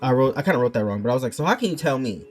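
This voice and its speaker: A man's voice: medium pitch, very animated, racing, a little mellow, faint music behind. A man ranting casually to his viewers, reading chat messages aloud and arguing back, his mic turned backwards. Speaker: streamer.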